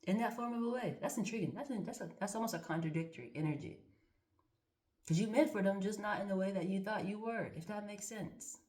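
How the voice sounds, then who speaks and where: A woman's voice: mid-range voice, fairly quick, darkish tone, reverberant. A woman reading cards and thinking aloud in a casual, candid way, swearing freely as she muses. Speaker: card reader. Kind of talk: casual spiritual card-reading monologue.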